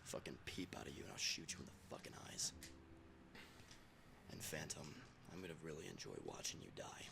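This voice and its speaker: A man voicing a cold, cruel male gang boss who makes low, quiet threats. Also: big pitch swings, brisk, vocal fry, heavily acted. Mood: menacing. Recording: echoey room with background noise.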